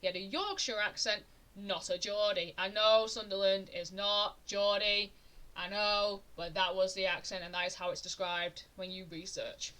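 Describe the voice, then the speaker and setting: A woman's voice: medium pitch, steady tone, moderate pace, sharp tone. A young adult woman streamer telling a true-crime story in a casual, chatty way, often indignant and restarting her sentences. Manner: chatty, indignant, with frequent restarts and rising emphasis.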